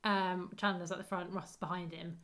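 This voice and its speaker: A woman's voice: on the low side, level tone, brisk, a bit bright. A woman chatting casually as a podcast co-host, laughing often and acting out lines from a sitcom. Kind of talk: casual chat recapping a sitcom episode.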